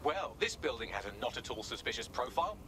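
A man's voice: mid-range voice, very animated, quick pace, crowd noise, rough recording. An actor playing a wry male AI assistant with a dry, sarcastic manner, in a video game.

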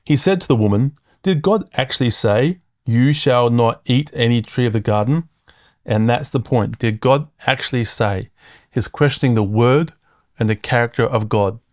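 A man's voice: medium pitch, moderate pace, no room sound, studio quality. A man preaching a sermon in a conversational teaching manner, reading scripture aloud, chuckling between points and often checking in with "okay?".

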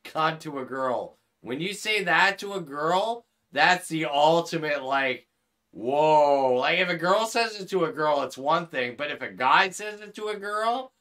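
A man's voice: a little high, animated, measured pace, bright, forceful tone. A man streaming a game, joking with friends in profane, boisterous banter. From Canada. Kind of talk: casual gaming chat.

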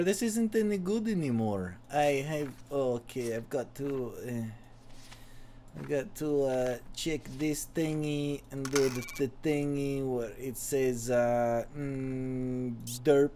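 Taking it slowly in a warm, mid-range voice, a man who has been drinking hosts a video game let's-play. He rambles and mocks with profanity as he plays, and there's a slight hiss or hum in the audio.

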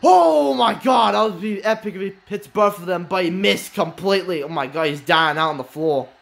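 A man with a light lilt giving excited play-by-play commentary on a wrestling video game, exclaiming and swearing often. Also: high voice, brisk.

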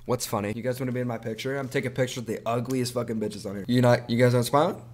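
A man's voice: mid-range voice, steady tone, rapid-fire, a little mellow. Crude, mocking young man. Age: young adult. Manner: crude, mocking, teasing banter. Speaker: video chat prankster. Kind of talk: casual chat.

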